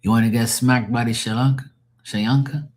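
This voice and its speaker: A man's voice: mid-range voice, fairly even intonation, fairly quick. A man doing casual chat with his live viewers as a tarot reader, rambling and loose, swearing and laughing often.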